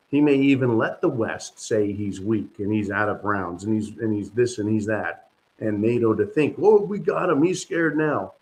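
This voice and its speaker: A man hosting a commentary channel, talking in an animated, sarcastic monologue to his viewers. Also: lowish voice, low-quality recording. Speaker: host. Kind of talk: opinionated monologue.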